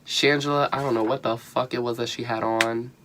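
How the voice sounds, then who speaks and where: A young man giving a casual spoken review of a show, animated and profane, full of slang and bursts of laughter. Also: mid-range voice, fairly quick, noisy background. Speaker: vlogger reviewing a reality show.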